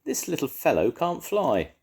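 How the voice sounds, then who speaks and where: A man's voice: a little high, wildly swooping pitch, a little slow, vocal fry, darkish tone, breathy edge, pitched above the performer's own voice, heavily acted. An older man voicing a kindly male park keeper who fusses over the animals.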